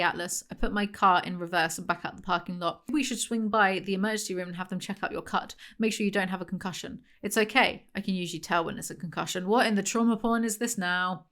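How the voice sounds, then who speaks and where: A woman's voice: medium pitch, fairly bright tone. A woman giving a sarcastic book review, reading passages aloud and mocking them in a dry tone. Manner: dry, mocking, frequent laughs.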